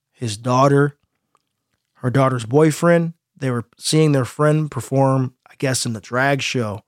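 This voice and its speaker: A man co-hosting a casual podcast, telling stories in an animated way and laughing easily. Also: a little high, no room sound, studio quality. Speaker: podcast co-host.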